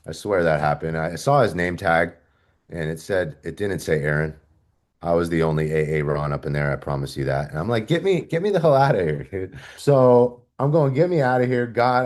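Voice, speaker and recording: A man from Los Angeles speaking at a recovery meeting, telling his personal story with animated storytelling and acted-out quotes. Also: very deep voice.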